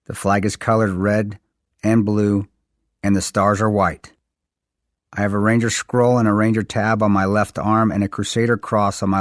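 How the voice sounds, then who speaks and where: A man's voice: fairly low pitch, dry recording, studio quality. A man reading aloud from his own memoir in an earnest, plain-spoken way. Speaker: author reading his book. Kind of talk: audiobook-style reading.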